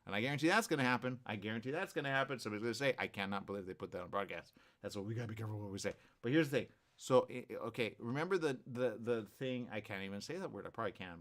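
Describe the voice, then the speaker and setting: A man hosting a live morning show, rambling through animated asides full of restarts. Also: medium pitch. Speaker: host.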